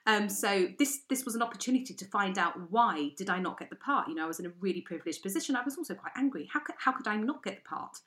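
A middle-aged woman tells a comic story in casual chat. Her delivery is animated and exasperated, and she acts out everyone else in it with gusto. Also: medium pitch, fast, hardly any pauses. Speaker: podcast co-host.

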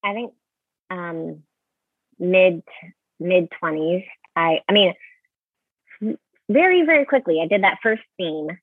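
A woman's voice: fairly low pitch, expressive, slow pace, pauses often, breathy edge, no room sound. A woman in her thirties from Utah, a ballet dancer, talking candidly and chattily as an interview guest, with many fillers. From Utah, USA. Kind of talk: casual interview. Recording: tinny phone line.

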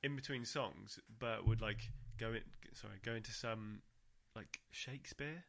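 A chatty young man from co-hosts a casual podcast, quick with asides and laughing often. His slightly low voice has a gravelly edge with a bright, forward tone. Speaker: podcast co-host. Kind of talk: casual chat.

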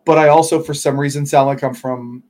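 A man's voice: medium pitch, fairly even intonation, fairly quick, darkish tone. Rambling man telling stories on a podcast. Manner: rambling storyteller, drifts between thoughts. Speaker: podcast co-host. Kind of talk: casual chat.

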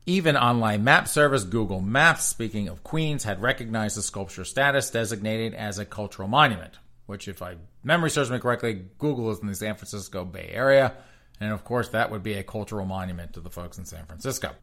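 A man's voice: lowish voice, lively intonation, a little fast, bright, forceful tone. A man hosting comedic news commentary with a sarcastic, mocking delivery and frequent laughter. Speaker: host.

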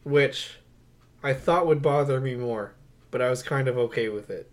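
A young man talking through old films on a podcast mic, with a voice of ordinary pitch. He recounts scenes in an incredulous, animated way and laughs often, which keeps the talk lively. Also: normal speed. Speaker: podcast co-host. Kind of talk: casual movie review chat.

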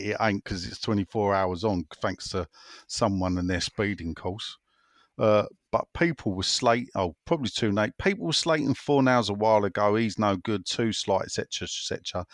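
Chatty low-voiced man hosting. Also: dry recording, clean studio sound. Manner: chatty, reads listener messages aloud, drops "innit". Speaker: podcast host. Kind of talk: casual football podcast chat.

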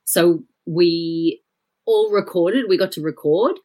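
Low-voiced Australian woman chatting. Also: takes it slowly, mellow. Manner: chatty storyteller with frequent fillers and restarts. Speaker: guest. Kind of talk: casual podcast chat. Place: at home.

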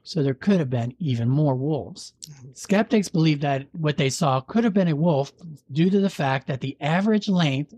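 Husky man reading a spooky legend. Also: fairly high pitch, expressive, darkish tone, no room sound. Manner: measured storytelling, dry jokes. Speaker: podcast host. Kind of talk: reading a legend aloud with banter.

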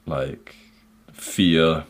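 A man from England, hosting a podcast, candidly recounting his childhood in an intense, halting way. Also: extremely low pitch, steady tone. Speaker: podcast host. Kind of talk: personal storytelling monologue.

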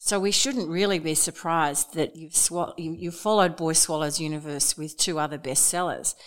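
A woman hosting a podcast, asking thoughtful, measured questions of her guest. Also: low-pitched, steady tone. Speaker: podcast host. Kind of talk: podcast interview.

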